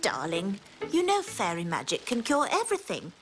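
An actress playing a patient fairy queen who soothes her husband in a sensible, gentle way. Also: medium pitch, wildly swooping pitch, normal speed, soft background music.

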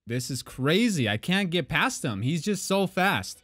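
A young man giving let's play commentary on a horror game, swearing and shouting at jump scares, his voice going hoarse from screaming. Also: a little high, big pitch swings, unhurried, hardly any pauses. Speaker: gaming YouTuber. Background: game music.

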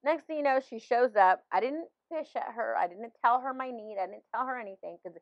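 A woman's voice: a little high, fairly quick, no echo, dull audio. A woman in her fifties, a pastor, sharing a personal faith story in conversation with many restarts and laughs.

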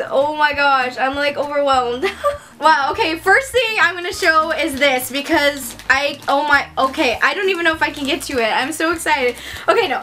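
High, bright, gushing young woman. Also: a little slow. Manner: gushing, excitable, many exclamations. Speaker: vlogger. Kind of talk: unboxing vlog chat.

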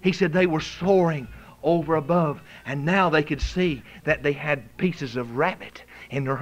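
A male preacher delivers a revival sermon, fervent and swinging from hushed storytelling to shouted exhortation. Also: on the high side, dull audio.

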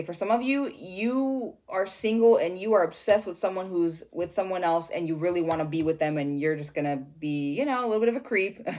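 A woman giving a casual tarot reading, rambling and expressive and swearing freely. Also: medium pitch. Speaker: tarot reader.

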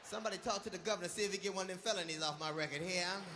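A man's voice: sits high, background noise. A comedian playing a boastful man who brags and angles for favors. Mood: bragging. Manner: fast, bragging, wheedling. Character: boastful man bragging to reporters, hustling for favors.

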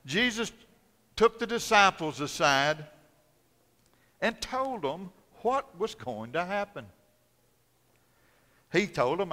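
Guy pastor preaching in a big echoey church, bright punchy voice, goes loud then real quiet. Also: a little high, lively intonation, unhurried, long pauses. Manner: dramatic storytelling, swinging from loud to hushed. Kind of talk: sermon. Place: church sanctuary. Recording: long church hall reverb.

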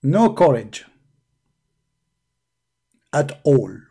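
Sarcastic mellow-voiced man taunting. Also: mid-range voice, big pitch swings, very slow, vocal fry, slightly rough. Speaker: online debater. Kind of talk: mocking stream monologue.

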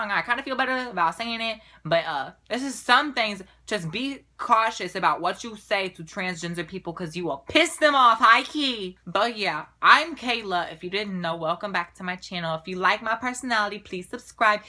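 Speaking in a fairly high, bright, forceful voice, a young woman from Puerto Rico vents to her camera in a casual vlog. Her tone is sassy and exasperated, edged with mockery.

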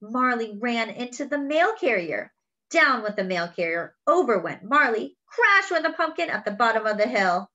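A woman reading a picture book aloud to children, expressive and exclaiming over the pictures. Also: on the high side, moderate pace, lo-fi sound. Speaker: children's story reader. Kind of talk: read-aloud storytelling.

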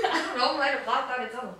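A woman's voice: high voice, lively intonation, fairly quick, sharp tone. A woman vlogging at home in a casual, chatty way, talking slangy and laughing often as she sets up a prank. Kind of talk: casual prank vlog chat. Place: at home indoors.

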